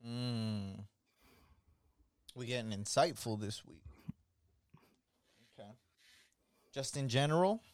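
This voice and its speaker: Clear-voiced, animated podcast storyteller man. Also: medium pitch, takes it slowly, pauses often, no echo. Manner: animated, slangy, acts out quoted voices. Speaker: podcast co-host. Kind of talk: casual storytelling chat.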